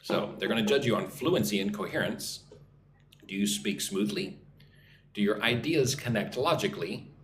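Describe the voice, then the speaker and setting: A man's voice: fairly low pitch, normal speed, a bit bright. A man with an American accent teaching a live English lesson, often checking in with "right?" and reading viewer comments aloud. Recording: echoey room, faint background noise.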